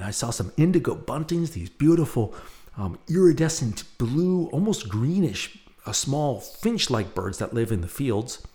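A man's voice: medium pitch, gravelly, a little mellow. A middle-aged man hosting a podcast, telling a personal story in a rambling, self-mocking way with many fillers. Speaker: podcast host.

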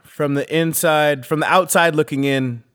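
A man hosting a casual podcast chat, blunt and profane, getting animated when riled up. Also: on the high side, moderate pace, smooth. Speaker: podcast host.

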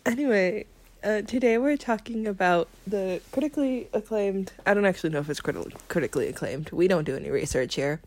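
A woman's voice: mid-range voice, lively intonation, a little fast, a little mellow. Woman co-host, hesitant and giggly. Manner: hesitant, filler-heavy, giggly. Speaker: podcast co-host. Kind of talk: casual chat.

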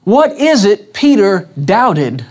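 In a church service before his congregation, a man delivers a relaxed evening sermon, asking them questions again and again and performing scripture with varied emphasis. His high voice has a darkish tone and is very animated, though he takes his time.

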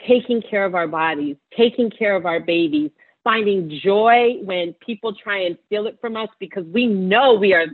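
A woman's voice: medium pitch, slightly rough, narrow, tinny audio. A woman physician answering an interview question, teary and passionate, speaking with encouraging conviction. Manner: passionate, warm-hearted, preaching encouragement. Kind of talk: interview answer, emotional testimony.

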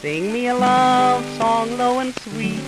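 A singer voicing a fair young maiden in a 1920s comic folk song, slowly repeating pleading sung lines. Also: medium pitch, steady tone, over loud music, lightly acted, rough recording. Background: band accompaniment.

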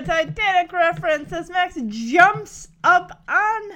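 A woman chatters through a sitcom recap in a casual, gushing way. Her voice sits high and swoops widely as she giggles and plays out each character's lines. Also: lively intonation, measured pace, a bit bright. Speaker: TV episode recapper.

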